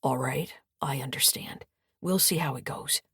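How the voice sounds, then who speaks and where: A woman voicing a grown son who speaks in a quiet, measured way. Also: deep voice, breathy edge, dry recording, studio quality, exaggerated voice. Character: man, the narrator's son, calm and questioning.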